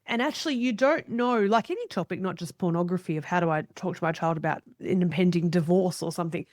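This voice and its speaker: A woman's voice: fairly low pitch, fast, hardly any pauses, darkish tone, no echo, studio quality. A woman hosting a podcast, talking in an affirming, conversational way with her guest. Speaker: podcast host.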